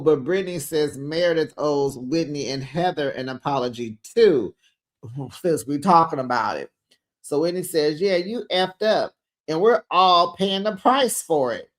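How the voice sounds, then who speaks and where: A man's voice: fairly high pitch, expressive, a little slow. A man hosting a casual reality TV recap, chatty and gossipy, acting out the cast's lines with sass. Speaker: host.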